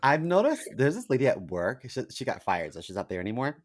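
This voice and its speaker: A man's voice: mid-range voice, huge pitch swings, fast. Sassy, flamboyant gossiping man. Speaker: podcast co-host. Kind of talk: casual comedic chat.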